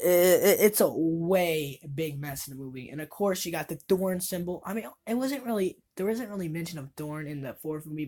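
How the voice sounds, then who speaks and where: A woman's voice: sits low, darkish tone. A woman giving a casual, rambling movie review, exasperated and swearing freely.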